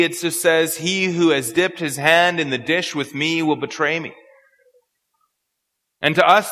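A man's voice: high-pitched, pushed and bright. A man preaching an expository sermon, earnest and prone to repeating words as he searches for phrasing. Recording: long hall reverb.

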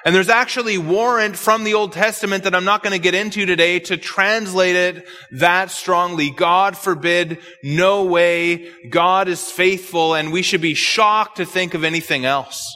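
A man preaching an expository sermon, emphatic and measured, with repetitions. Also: high voice, pushed and bright, in a large hall.

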